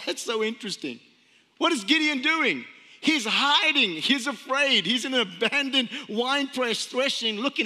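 A man in his thirties preaching a sermon as pastor, chatty and storytelling, repeating phrases and slowing down for emphasis. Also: very high voice, lively intonation, pushed and bright. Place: church sanctuary. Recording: long hall reverb.

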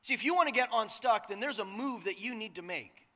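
High, bright-voiced pastor in a hall. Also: male voice, animated, brisk. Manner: casual, joking, conversational, asks the crowd "right?". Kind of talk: sermon. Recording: long reverb of a large hall.

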